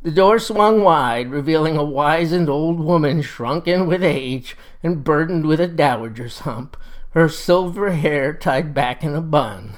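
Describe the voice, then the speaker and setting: A storyteller spinning a folksy yarn with a wry, unhurried touch. The telling is relaxed and knowing, and it savors each odd detail. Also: mid-range voice.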